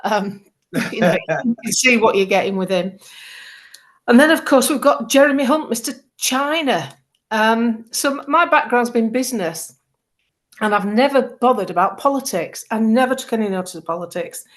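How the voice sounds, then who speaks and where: Middle-aged woman, guest on a talk show, lively storyteller who acts out every quote. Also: a little high, moderate pace. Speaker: political campaigner, guest. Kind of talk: casual chat.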